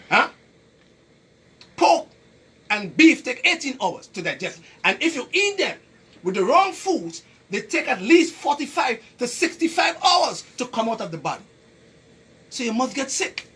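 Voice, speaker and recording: Caribbean man, preachy health educator, high lively voice with a husky edge. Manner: preachy, emphatic, repeats points and quizzes listeners. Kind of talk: lively health talk to an audience.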